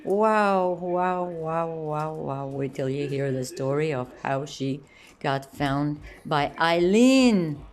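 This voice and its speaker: A woman's voice: sits low, lively intonation, slow, a little mellow. A woman filming and cooing to her pet birds, gushing with frequent exclamations. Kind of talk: casual talk to camera and to pets.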